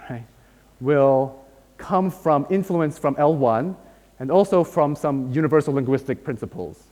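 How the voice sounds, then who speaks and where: Long reverb from the lecture hall surrounds this academic lecture, where a man with a darkish, somewhat high voice walks through the material step by step, frequently asking "right?"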